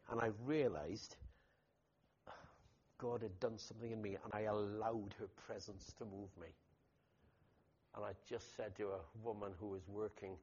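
A man preaching a sermon as pastor, telling stories in an animated way with loud emphatic bursts. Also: lowish voice, husky. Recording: dull lo-fi recording.

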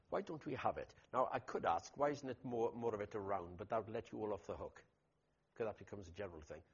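A man preaching a sermon as pastor, telling stories in an animated way with loud emphatic bursts. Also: on the low side, slightly rough. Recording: dull lo-fi recording.

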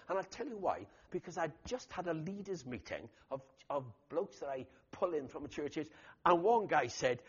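A man preaching a sermon as pastor, telling stories in an animated way with loud emphatic bursts. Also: a little high, husky. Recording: dull lo-fi recording.

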